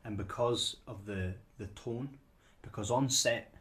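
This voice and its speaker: Podcast co-host, man, lowish voice, casual conversational delivery, restarts sentences. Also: a little slow, a bit bright. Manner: conversational, repeats words when starting sentences. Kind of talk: casual chat.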